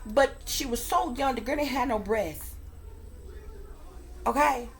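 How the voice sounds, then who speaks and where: Lady psychic reader w a high voice, ranting casual to her viewers, cusses a lot, acts out what she said. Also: takes it slowly, a little hiss or hum. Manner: emphatic, frequently swearing, acts out her own reactions. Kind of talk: casual spoken storytelling to viewers.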